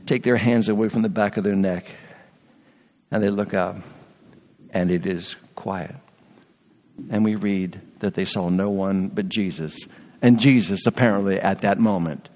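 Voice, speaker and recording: A man preaching a sermon in earnest, storytelling fashion, slowing and softening on key words. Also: medium pitch. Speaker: pastor. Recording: long reverb of a large hall.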